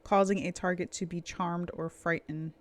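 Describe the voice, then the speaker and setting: A woman narrating a tabletop role-playing game as game master, telling the scene slowly and dramatically. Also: fairly low pitch, fairly even intonation. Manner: slow, dramatic storytelling.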